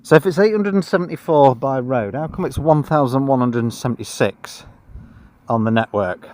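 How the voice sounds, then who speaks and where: A worn-out man records a travel vlog outdoors while bikepacking. He speaks in a dry, self-mocking monotone at a middling pitch. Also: normal speed, slight background noise. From Britain. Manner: dry, self-deprecating, low-energy monotone. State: tired. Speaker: vlogger. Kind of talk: casual travel vlog to camera. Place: outdoors on a cycling trip.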